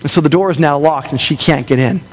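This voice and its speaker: A man preaching a sermon, telling a story and often dropping to a soft, gentle voice for quiet lines. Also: fairly high pitch, fast. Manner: storytelling, drops softer for tender quoted lines. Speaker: pastor.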